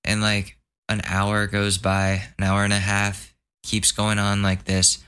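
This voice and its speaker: A man's voice: fairly low pitch, monotone, a little slow, pushed and bright, smooth. A young man hosting a podcast, telling a long profane story in a casual, exasperated way and mocking others in put-on voices. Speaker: podcast host. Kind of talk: casual ranting monologue.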